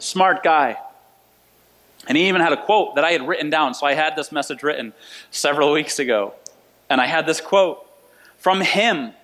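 A man's voice: fairly high pitch, fairly bright tone. A male pastor preaching a conversational sermon in a church sanctuary, repeating key phrases for emphasis. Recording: long reverb of a church hall.

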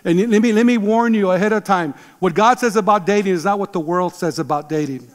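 A man in his sixties, a pastor, preaching an emphatic, animated sermon. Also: high voice, fairly quick, long reverb tail. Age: 60s. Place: church sanctuary.

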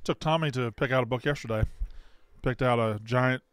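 A man's voice: mid-range voice, moderate pace, a bit bright, clean tone, no room sound. A man co-hosting a casual podcast, telling family stories in a laid-back way. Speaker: podcast co-host. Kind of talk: casual chat.

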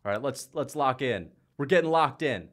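A young man hosts a fight-reaction livestream at normal speed in a medium-pitched voice, chatting loosely, swearing often, bursting out excitedly and reading viewer donations.

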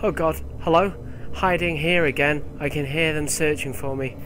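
A man hosting a gaming video, commenting casually with excitable, swearing, panicky outbursts. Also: a little high, moderate pace, background noise.

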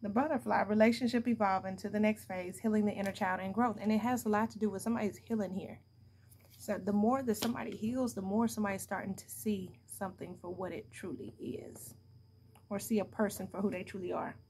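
A woman's voice: medium pitch, fairly even intonation, brisk, darkish tone, slight background noise. A young adult woman giving a casual tarot reading to her viewers, blunt and profane, laughing often as she talks. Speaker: tarot card reader.

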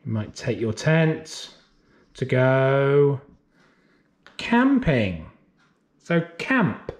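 A man teaches young children their letter sounds, stretching each sound out very slowly. His pitch rises and falls in a lively, sing-song way, the patient cadence of a nursery teacher talking to small children. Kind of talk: phonics lesson for young children. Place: classroom or home, recorded for remote learning.

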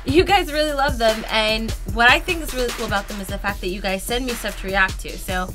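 A woman hosting a gaming reaction video at her computer desk, gasping and exclaiming loudly as she watches. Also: mid-range voice, quick pace. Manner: excitable, loud exclamations and gasps. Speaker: YouTube gaming host. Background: music and sound from the clips she reacts to.

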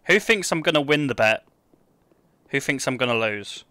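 A man's voice: mid-range voice, lively intonation, moderate pace, pushed and bright, no room sound. A young British man, feeling sick, chatting casually with his live-stream chat while gaming, joking and reading out comments. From United Kingdom. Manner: joking, banter with chat, reads comments aloud.

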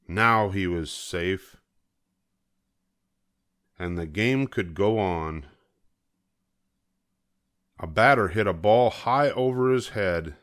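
An older man reading a children's picture book aloud, storytelling. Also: lowish voice. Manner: slow, lively storytelling.

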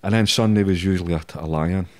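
Low-voiced scottish guy spinning yarns on a podcast, swears a lot, chuckles as he goes. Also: quick pace. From Scotland. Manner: swearing, laughs through his anecdotes. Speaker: podcast guest. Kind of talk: casual storytelling interview.

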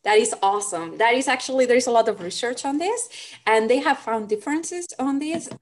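A woman from Spain with a Spanish accent and Spanish as her first language, a psychology professor answering audience questions in an animated way and often tagging "right?". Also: a little high, fairly quick, slight background noise. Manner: animated, frequent "right?" tags. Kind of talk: lecture Q&A answers.

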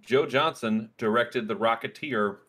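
A man's voice: medium pitch, measured pace, a bit bright. A man co-hosting a podcast in casual chat, talking with frequent ums and restarts. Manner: chatty, hesitant with ums and likes. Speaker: podcast co-host.

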